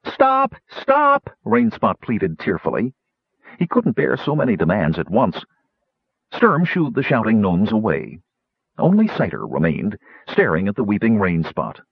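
A man narrating a fantasy story in an expressive reading voice. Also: lowish voice, moderate pace, vocal fry, slightly rough, no room sound. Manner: expressive, voicing many characters. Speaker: audiobook narrator. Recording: dull lo-fi audiobook recording.

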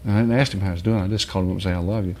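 A man preaching an informal sermon in a blunt, folksy way with mild swearing, dropping low and soft, then rising to high, loud shouts. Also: fairly even intonation, rapid-fire.

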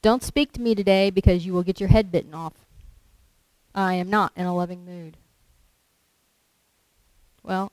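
A woman's voice: medium pitch, a little mellow, no room sound, rough recording. Woman giving a conversational sermon. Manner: conversational, with rhetorical questions and acted quotes. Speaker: lay preacher.

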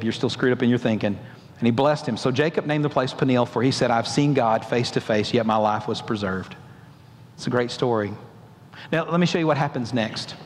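Preaching man in a reverberant sanctuary. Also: mid-range voice. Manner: animated preaching, rising emphatic questions to the congregation. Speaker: pastor. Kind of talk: sermon. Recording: long hall reverb.

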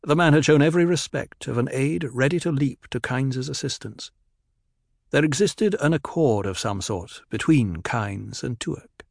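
A man narrating a story in a steady, even storytelling manner. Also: medium pitch, moderate pace, creaky, no echo, studio quality. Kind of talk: scripted audiobook narration.

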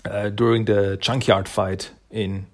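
A man's voice: on the low side, little pitch movement, slow. A man casually recapping a comic book's story, rambling with many fillers and acting out the characters' lines. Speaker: comic book reviewer.

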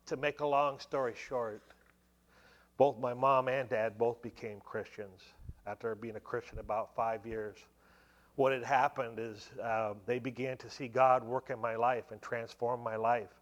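A man's voice: mid-range voice, muffled recording. A man in his forties giving a church testimony, telling the story conversationally and filling it with many asides. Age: 40s. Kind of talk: sermon testimony.

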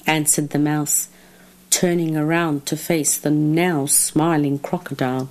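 A woman reading a children's story aloud with slow, expressive, drawn-out phrasing. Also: low-pitched.

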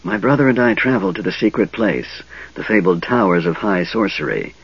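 A man voicing a frail, cold young mage in a soft, wheezing, hissing whisper. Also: low-pitched, lively intonation, brisk, slightly rough, dry recording, dull audio, heavily acted.

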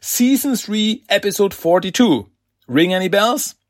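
A man's voice: high-pitched, animated, measured pace, dry recording, studio quality, voice pushed up. Man voicing a pompous grand villain. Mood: grandiose. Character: grandiose villain calling himself magnificent.

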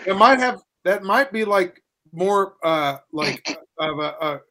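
A man from the United States on a casual comedy podcast, joking excitably and yelping into high cries. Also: slow. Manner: excitable, cracks jokes, yelps into high put-on cries. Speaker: podcast co-host.

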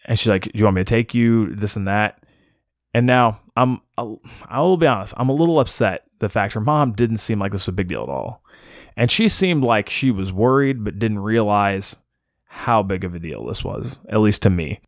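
A young man casually telling a personal story on a podcast, animated and self-mocking, acting out the people he quotes. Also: fairly low pitch, normal speed, dry recording, studio quality.

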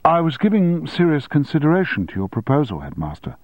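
A man's voice: fairly high pitch, wildly swooping pitch, brisk, dry recording, voice pushed up. A calculating teenage schoolboy, polite and composed, never giving too much away, as a male narrator reads him. The voice comes through dry and narrow, like a phone line. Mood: guarded.

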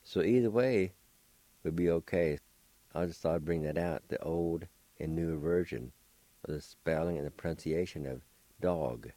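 A man's voice: low-pitched, normal speed, mellow, dry recording. A middle-aged man hosting a radio vocabulary lesson. He patiently spells words letter by letter and repeats each pronunciation several times. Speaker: radio language teacher and host.

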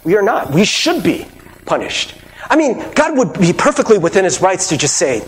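A man's voice: high-pitched, very animated, normal speed, long reverb tail. A man preaching a sermon as pastor, earnest and conversational, asking the listeners rhetorical questions.

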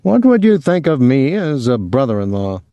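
A man's voice: mid-range voice, big pitch swings, moderate pace, mellow, no room sound, dull audio, voice pushed up. A man reading an audiobook, voicing a restless young man who jokes breezily and talks a lot. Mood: breezy. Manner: breezy, joking, talkative. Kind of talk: audiobook character voice.

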